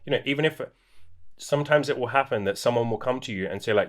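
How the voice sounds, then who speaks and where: A man's voice: mid-range voice, fast. A male podcast host talking in a blunt, laid-back way, swearing freely in casual chat.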